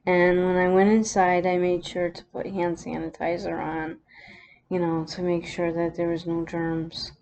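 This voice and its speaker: A woman vlogger telling a personal story, close to tears, halting with many pauses and restarts. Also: on the low side, flat delivery, a little mellow, highs cut off, a little hiss or hum.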